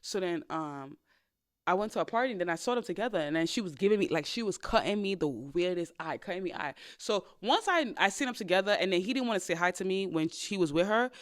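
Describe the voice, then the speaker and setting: A young woman hosts a chatty podcast and tells her dating stories quickly. Her pitch leaps up for loud exclamations and drops low for muttered asides. Her delivery is casual and unfiltered. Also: lively intonation. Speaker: podcast host. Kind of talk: casual storytelling chat.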